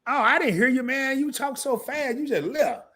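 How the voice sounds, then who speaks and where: A man hosting a live stream, wrapping up the show with loose, slangy banter and quick asides to his viewers. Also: very high-pitched, expressive, pushed and bright. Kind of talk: casual live stream sign-off.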